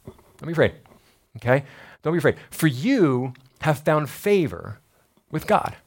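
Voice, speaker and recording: Male preacher voicing a calm angel messenger, gentle and reassuring. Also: a little high, measured pace, exaggerated voice.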